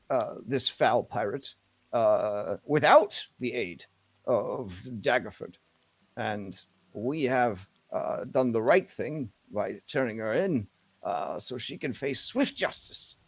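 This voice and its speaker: Brief: male game master, mid-pitched, casual narration, dry close sound. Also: dry recording. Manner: casual, many fillers.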